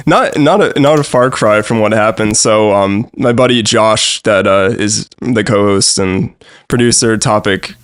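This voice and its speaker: Young new guy on a podcast, lowish voice, dry close mic, lots of ums. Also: unhurried, dry recording. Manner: relaxed, rambling with many fillers and frequent laughs. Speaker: podcast guest. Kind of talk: casual chat.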